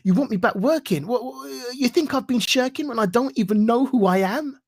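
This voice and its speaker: A man giving a reflective talk and reciting spoken-word poetry in an earnest, rhythmic way with deliberate pauses. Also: very high-pitched. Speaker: guest speaker.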